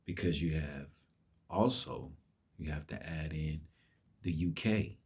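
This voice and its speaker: Deep, husky man preaching. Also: slow pace, a little mellow. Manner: preachy, emphatic, cursing. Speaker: vlogger. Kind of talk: impassioned monologue.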